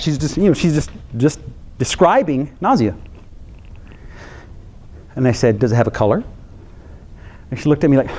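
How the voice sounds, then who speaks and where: A man's voice: on the high side, moderate pace, long pauses, slight background noise. A middle-aged man, a psychologist, telling a story in a talk to counselors and acting out his daughter's reactions. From United States. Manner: animated, acts out his daughter's reactions with laughs and gasps.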